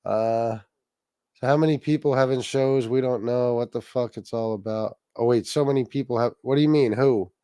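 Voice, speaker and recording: A man's voice: mid-range voice, normal speed, warm tone, clean tone, dry recording. Casual profane man hosting livestream. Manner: rambling, swearing, reads chat aloud. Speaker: livestream host.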